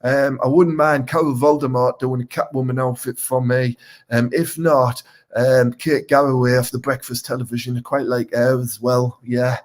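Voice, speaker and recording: A man's voice: mid-range voice, flat delivery, normal speed, natural voice. A man playing a sweary Teesside vigilante hero. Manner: rambling, sweary, threatening. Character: crude, boastful male local superhero wannabe. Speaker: comic superhero character. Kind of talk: live comedic Q&A in character.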